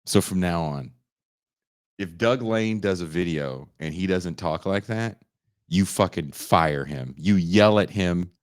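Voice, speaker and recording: A man hosting a podcast, delivering a loud, profane comedic rant that swings into shouting. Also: low voice, measured pace, smooth, dry recording, clean studio sound. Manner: loud, swearing, swings into shouting and mock voices. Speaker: podcast host.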